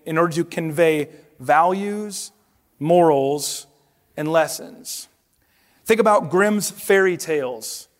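Engaging man with a fairly high voice. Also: big-room sound. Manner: engaging, asks the room questions. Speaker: speaker reading a children's book to an audience. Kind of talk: storybook reading, then interactive talk.

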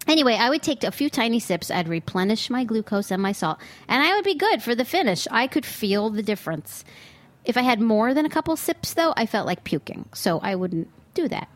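A woman's voice: fairly high pitch, big pitch swings, a little fast. Exasperated woman podcast host ranting. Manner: exasperated, sarcastic, outbursts of disbelief. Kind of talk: opinionated solo podcast monologue. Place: studio booth. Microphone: studio microphone.

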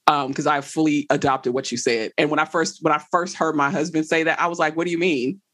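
Animated woman telling stories. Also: deep voice, a little fast. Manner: animated, laughs while telling stories, Southern slang. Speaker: guest. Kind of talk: casual conversation.

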